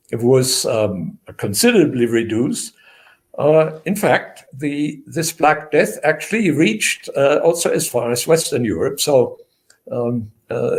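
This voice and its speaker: Man speaking slowly, with many pauses. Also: mid-range voice, darkish tone. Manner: measured, many filler pauses. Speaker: historian guest. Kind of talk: unscripted interview.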